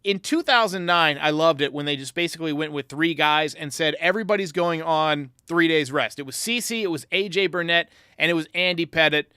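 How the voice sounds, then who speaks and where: A man hosting a sports podcast, giving an excitable casual game recap and talking straight to his viewers. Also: a little high, a little fast, hardly any pauses, clear, resonant tone, no room sound, clean studio sound. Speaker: podcast host.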